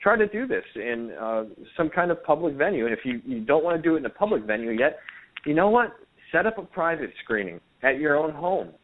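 A man's voice: fairly high pitch, big pitch swings, brisk, slight background noise. A man speaking as a guest on a radio talk show, earnest and hesitant, with frequent fillers. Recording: tinny phone-line sound.

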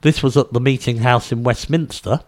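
A man's voice: medium pitch, fairly even intonation, moderate pace. A middle-aged man, giving casual news commentary in a rambling way, with many fillers and restarts.

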